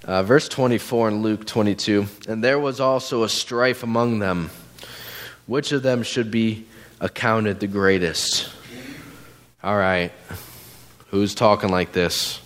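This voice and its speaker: A man's voice: fairly low pitch, fairly even intonation, unhurried, long pauses, a bit bright. A man giving a casual, conversational sermon in a church, full of fillers and asides to the congregation. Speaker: guest preacher.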